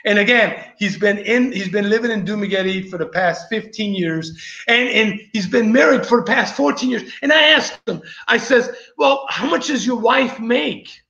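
A man's voice: high voice, normal speed, bright, forceful tone. A man hosting a vlog, telling a rambling story to his viewers in a casual, chatty way. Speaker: vlogger host. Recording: echoey, slightly dull recording.

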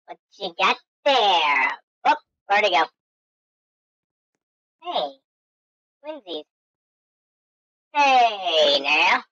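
A woman hosting a let's-play game commentary, goofy and excitable, talking to herself and making silly sound effects. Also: medium pitch, extremely slow, long pauses. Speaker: gaming channel host. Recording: dull lo-fi dry recording.

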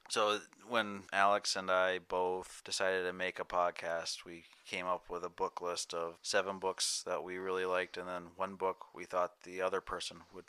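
A man's voice: sits low, completely flat delivery, normal speed, hardly any pauses, bright, forceful tone, smooth, no echo. A man co-hosting a casual book podcast, teasing and easygoing. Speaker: podcast co-host.

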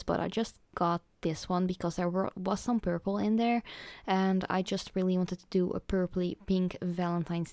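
A young woman with a mellow, warm tone narrates a nail art tutorial in a chatty, casual way. She is a native Dutch speaker and speaks English, dropping in "like" and "um" often and correcting herself now and then. The recording is dry and close. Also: mid-range voice, no echo. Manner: chatty, fillers like "like" and "um", self-correcting.

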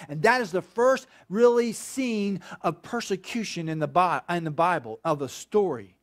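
High-voiced preacher, conversational. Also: male voice, expressive, moderate pace, hardly any pauses. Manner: conversational preaching with repeated "okay" checks, rising to loud emphatic peaks. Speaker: pastor. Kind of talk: sermon.

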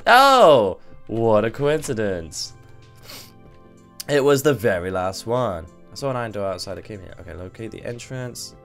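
A man's voice: on the low side, fairly quick, vocal fry, hardly any pauses. Chatty man playing a game. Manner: chatty, swears, thinks aloud. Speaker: gaming video host. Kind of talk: let's play commentary. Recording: faint background music.

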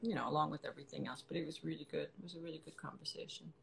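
A woman chatting casually as a guest on a live video call over a phone, talkative and quick to laugh. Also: deep voice, fairly even intonation, gravelly, a little hiss or hum. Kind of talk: casual live-stream chat.

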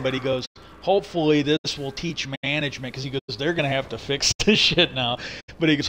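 A man's voice: mid-range voice, a bit bright, a little hiss or hum. A man streaming live, telling a long casual story, retelling conversations with "he goes" and "I go" and swearing freely. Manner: rambling, retells talks with "he goes" and "I go".

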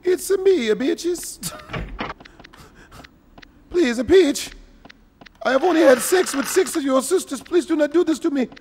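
A man doing a crude, cocky Mario impression with a high, nasal voice, pleading, over a noisy home game recording. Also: expressive, slow, pauses often, a little mellow, in a large hall, full character voice.

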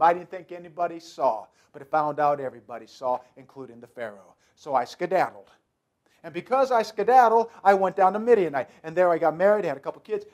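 Guy doing a reluctant hebrew man on the run, folksy, kinda high voice. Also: darkish tone. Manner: folksy first-person storytelling. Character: reluctant Hebrew man who fled Egypt.

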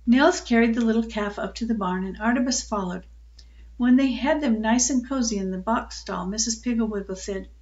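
Older woman, storyteller, children's book read-aloud, calm and unhurried, slightly high voice, dull lo-fi recording.

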